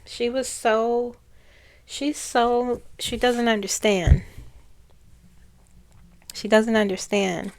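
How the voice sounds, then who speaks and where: A woman's voice: fairly high pitch, fairly even intonation, extremely slow, pauses often, darkish tone. A woman psychic talking casually about a spirit she channeled, rambling and often restarting her phrases.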